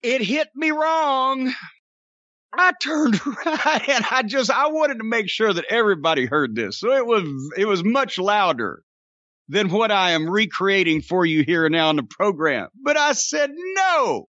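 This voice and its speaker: A man hosting a podcast, telling a profane, animated story and acting out the shouting in it. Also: high voice, unhurried, dry recording. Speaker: podcast host. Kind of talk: storytelling rant. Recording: dull lo-fi dry podcast recording.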